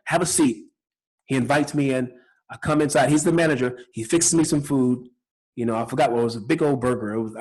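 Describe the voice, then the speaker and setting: A man's voice: a little high, darkish tone, slightly rough, poor audio. A middle-aged man hosting a podcast, telling a personal story in an earnest, spiritual way, often repeating words. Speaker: podcast host.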